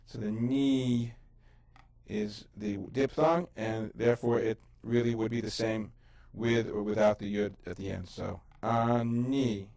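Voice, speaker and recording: A man's voice: mid-range voice, a little mellow. A man teaching the Hebrew alphabet as host, patiently sounding out syllables and explaining letters in an easy, casual way with fillers. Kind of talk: educational lesson.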